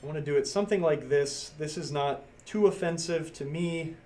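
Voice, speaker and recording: At his workbench, a man hosting a live stream casually narrates a pinball circuit board repair step by step as he works, reading and chatting with viewers. His voice is on the high side, warm, and at a normal speed, with a little hiss or hum.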